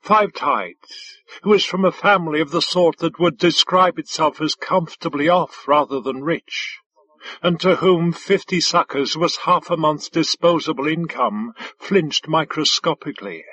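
A man reading science-fiction narration in a measured, deliberate manner on a close studio mic. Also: a little high, a bit bright, breathy edge. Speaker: audiobook narrator. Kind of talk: scripted narration.

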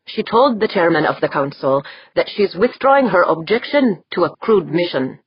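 A woman's voice: lowish voice, expressive, moderate pace, breathy edge, no echo. A woman voicing a stern, stony male scientist in an audiobook reading. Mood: grave. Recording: dull, dry lo-fi recording.

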